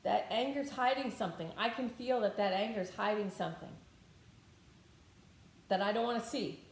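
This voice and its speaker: In an echoey room, a woman with a mid-range voice leads a guided tapping meditation at a moderate pace, speaking bluntly, swearing freely and thinking aloud through her own feelings.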